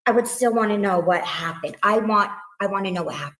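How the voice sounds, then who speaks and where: Mother speaking haltingly in echoey room. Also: mid-range voice, a bit bright. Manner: halting, many restarts, quotes others. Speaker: victim's mother, guest. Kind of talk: emotional interview.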